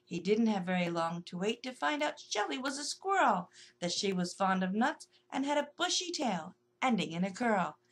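Gentle lady reading a kids' rhyming story, sing-songy, bouncy pitch. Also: very animated, moderate pace, few pauses. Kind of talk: rhyming children's story narration.

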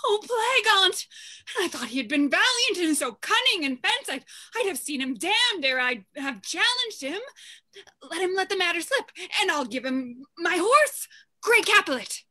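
A man putting on a shrill, cowardly knight. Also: sing-song, normal speed, bright, forceful tone, dry recording, studio quality, heavily acted. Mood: panicky. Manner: shrill, whining cries. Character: cowardly, foolish male knight, panicky. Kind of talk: Zoom play reading. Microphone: video call.

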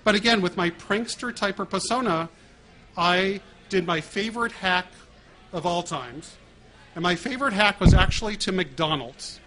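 A middle-aged man telling stories to an audience in an animated way, laughing now and then as he talks while walking around with a wireless mic. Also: sits high, normal speed. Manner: animated, laughing at his own prank stories. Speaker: author giving a talk. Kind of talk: storytelling talk to an audience.

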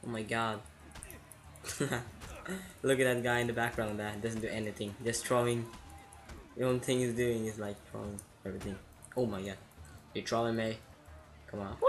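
A man giving casual, excitable gameplay commentary, rambling and giggling as he plays. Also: mid-range voice. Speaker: let's play gamer.

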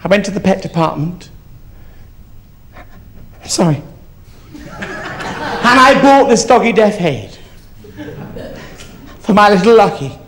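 A man's voice: high-pitched, animated, takes it slowly, long pauses, a bit bright, slight background noise, exaggerated voice. A man playing a brash, gossipy old East End woman, telling rambling, bawdy stories on a theatre stage. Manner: bawdy, rambling storytelling with swearing. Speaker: comedian in drag character. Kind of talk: live stand-up character comedy.

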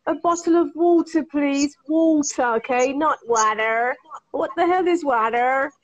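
A man putting on a falsetto voice to play an exasperated British woman accent coach who mocks and exaggerates, with a British accent. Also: moderate pace, dull audio. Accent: British English. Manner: squeaky falsetto, mocking and exaggerated.

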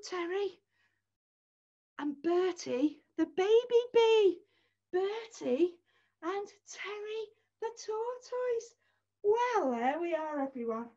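High, animated children's leader. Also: female voice. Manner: animated, exaggerated, talking to small children. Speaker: children's music session leader. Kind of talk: children's sing-along session over video call. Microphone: video call computer mic. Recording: dull video call audio.

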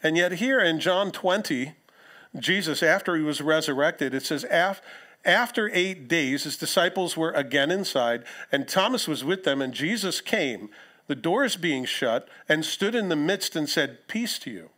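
A man preaching a sermon in church, reading scripture aloud with lively emphasis and casual asides. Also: on the high side, measured pace. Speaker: pastor.

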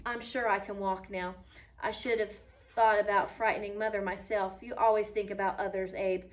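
An impulsive, sweet little pioneer girl from a storybook, voiced by a woman reading aloud. She speaks a touch higher and in a pleading way, from a little way off the mic. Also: little pitch movement, moderate pace, distant mic, close to an everyday voice.

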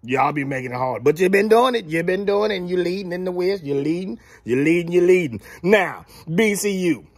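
A man's voice: high voice, lively intonation, a little fast, husky, no echo. A man giving a casual football recap, drawling and playfully trash-talking. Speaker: sports commentator vlogger.

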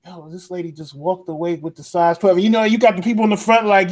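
New York man telling an animated story. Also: high-pitched, fast, hardly any pauses. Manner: acts out other people's voices. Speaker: podcast co-host.

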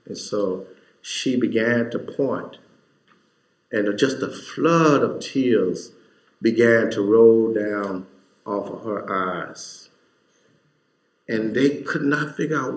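A man's voice: medium pitch, takes it slowly. Folksy preacher man in an echoey church. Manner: storytelling, rising to fervent emphasis; folksy, informal grammar. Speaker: pastor. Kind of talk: sermon. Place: church sanctuary.

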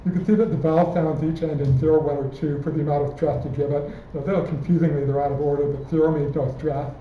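A man's voice: fairly high pitch, fairly even intonation, quick pace, dull audio, a little hiss or hum. Distant, phone-thin man in an echoey hall. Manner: explanatory, walking through a technical example step by step. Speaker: conference speaker. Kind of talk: conference talk.

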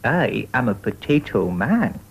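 A man voicing a proud, pompous talking potato man for a 1950s children's puppet show, speaking in a slow, stately, self-satisfied way. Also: on the low side, sing-song, gravelly, husky, exaggerated voice. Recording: dull lo-fi 1950s television recording.

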